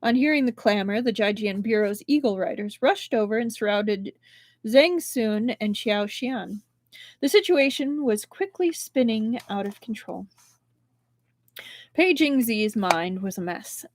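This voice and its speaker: A woman narrating a novel aloud for her live audience, with expressive delivery and sharp swings in volume. Her voice sits fairly high, and the sound is close and dry. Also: unhurried, no echo. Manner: expressive, with strong shifts in loudness. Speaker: book reader and livestream host.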